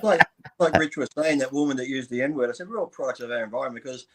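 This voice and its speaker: A man's voice: mid-range voice, fast. A male co-host in a casual talk. He rambles through stories and swears freely as he goes. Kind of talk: casual chat.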